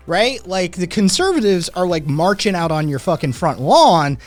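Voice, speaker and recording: A man's voice: sits high, sing-song, moderate pace, few pauses, soft background music. Profane, rambling man hosting a livestream. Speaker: podcast host. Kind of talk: casual livestream chat, reading chat.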